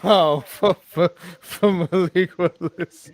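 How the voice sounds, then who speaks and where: A man on a sports podcast panel who talks in a halting way and chuckles often. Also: sits high, fairly even intonation. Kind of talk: casual sports chat.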